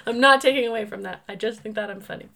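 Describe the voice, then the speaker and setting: Comic female podcast co-host: high, bright voice with deadpan asides in casual chat. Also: fast, creaky.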